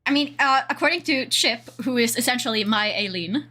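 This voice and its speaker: A woman's voice: fairly high pitch, a little fast, pushed and bright. A young woman with a Swedish accent chatting casually on a livestream, rambling and laughing often. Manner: giggly, rambling, frequent laughter. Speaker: streamer.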